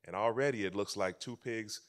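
A man preaching a sermon as pastor, telling stories with animation and swinging between loud and soft passages. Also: lowish voice, a little fast.

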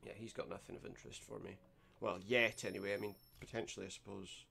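A man's voice: on the low side, fairly even intonation, fast talker, vocal fry, sharp tone, slightly rough. A man giving gameplay commentary, reading game text aloud with dry, sarcastic asides. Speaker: let's play host.

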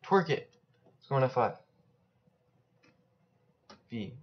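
A man's voice: mid-range voice, animated, slow pace. A young man chatting casually and joking in slang while he plays an online game, rambling between rounds. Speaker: gaming YouTuber. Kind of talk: casual gameplay commentary. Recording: slightly dull lo-fi mic.

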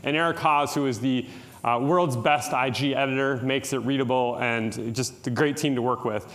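A man's voice: medium pitch, steady tone, normal speed, fairly bright tone. A middle-aged man from Minnesota giving a conference tutorial talk in a casual, joking way, with frequent "uh" and "um". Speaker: conference presenter.

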